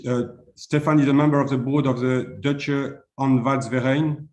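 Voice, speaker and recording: A man with a German accent opens an online session and introduces a speaker. He hesitates often and fills pauses with "uh" and "um." His voice carries a noticeable room echo. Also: mid-range voice, steady tone, darkish tone. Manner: hesitant, many fillers. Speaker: webinar moderator.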